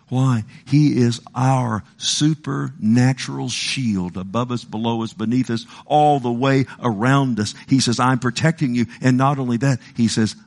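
A man preaching a sermon with a gravelly, creaky voice at a middle pitch. He talks in a folksy way, with asides to the congregation. He swings from emphatic, raised lines down to quiet, low phrases. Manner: emphatic, swings between loud rises and hushed low phrases.

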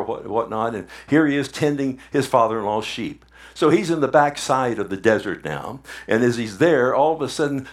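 Conversational male preacher at mid pitch. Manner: conversational, asks the audience questions, repeats for emphasis. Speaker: pastor. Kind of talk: sermon.

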